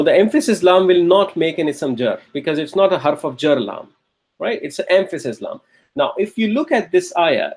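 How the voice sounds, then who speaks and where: A man's voice: a little high, vocal fry, a little mellow. A man lecturing a grammar class, repeating key phrases and checking in with the students as he goes. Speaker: Arabic grammar teacher.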